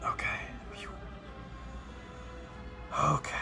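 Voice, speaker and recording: A man's voice: mid-range voice, measured pace, fairly bright tone, faint music behind. A young man giving profane live reactions to a fantasy football game, dropping to mutters and then bursting out. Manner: profane, swings from mutters to outbursts.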